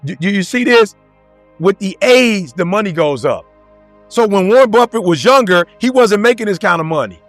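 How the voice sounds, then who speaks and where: A man with a high, bright-edged voice delivers a motivational talk, recorded dry and close with faint music behind him. He speaks in casual street slang and fires rhetorical questions straight at the crowd. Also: animated, moderate pace, dry recording. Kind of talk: motivational talk to a live audience.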